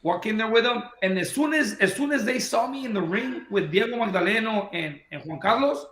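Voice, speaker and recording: A boxing trainer telling a long story in casual talk, acting out the voices of the people in it. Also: male voice, high-pitched, fairly quick, reverberant, rough recording. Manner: animated anecdote-telling, acting out quoted dialogue.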